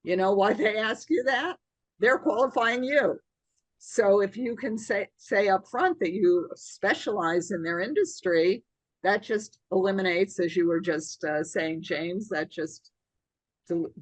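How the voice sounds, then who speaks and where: A woman's voice: medium pitch, a little slow, no room sound. A woman, a guest on a podcast, methodically explaining how to find sales prospects with concrete examples. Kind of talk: conversational podcast interview.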